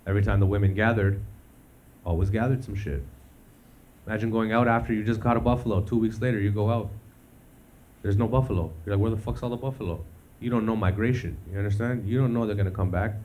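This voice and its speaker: Stoned stand-up, lower voice. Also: male voice, steady tone, fast talker, dull audio. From Canada. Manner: laid-back, swears a lot, laughs at own jokes. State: high. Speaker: stand-up comedian. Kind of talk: stand-up comedy. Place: live comedy stage. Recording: live venue with audience noise.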